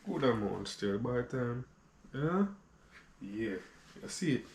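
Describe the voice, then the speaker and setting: A man's voice: mid-range voice, expressive, takes it slowly, a little mellow. A man with a Jamaican accent casually chatting to his viewers as he cooks in his home kitchen, easygoing and talkative. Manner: easygoing, talks to viewers while cooking. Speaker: cooking vlogger. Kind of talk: casual cooking chat. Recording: roomy, far from mic, background noise.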